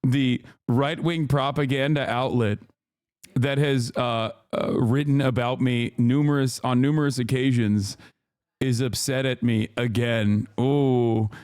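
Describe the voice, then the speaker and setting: A man streaming live, reacting to a clip and arguing his point in a heated, sarcastic way with quick restarts and fillers. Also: mid-range voice, steady tone, a little mellow. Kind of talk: casual stream commentary.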